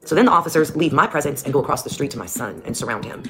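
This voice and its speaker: Woman, mother telling her own story, blunt, heavy swearing, heated, deep voice. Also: animated, rapid-fire. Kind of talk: personal storytelling. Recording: clear music behind the voice. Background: music.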